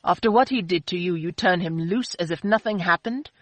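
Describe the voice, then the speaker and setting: A woman's voice: on the low side, fairly quick, fairly bright tone, dry recording. A bad-tempered, brooding man with a sore head, as a woman reader acts him out. He blusters and growls his lines, and the read stays dry and close to the mic. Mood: gruff. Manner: blustering, gruff outbursts. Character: gruff, brooding hungover man, quick to anger.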